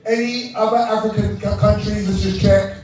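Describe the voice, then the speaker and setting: British male emcee, somewhat high voice, playful crowd banter; heard from off-mic in a boomy hall. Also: level tone, moderate pace, soft background music. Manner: joking, laughing, shouting out to the crowd. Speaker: awards night host. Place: large indoor event hall with a live crowd. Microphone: handheld microphone. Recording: echoey hall, distant mic, crowd noise.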